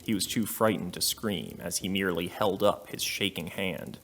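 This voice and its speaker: A man giving a deadpan comedic reading of a fanfiction story. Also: low-pitched, normal speed, creaky, a little hiss or hum. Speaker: fanfiction reader.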